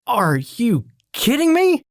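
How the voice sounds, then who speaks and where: A man's voice: very high-pitched, wildly swooping pitch, takes it slowly, no echo, clean studio sound, pitched above the performer's own voice, heavily acted. A man voicing a furious, proud army commander who rants with indignant scorn.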